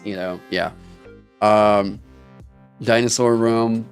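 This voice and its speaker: A young man critiquing on a live stream at a middle pitch, reading aloud haltingly with many ums and casual swearing. His talk jumps into excited asides, and faint music plays behind him. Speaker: streamer critiquing game designs.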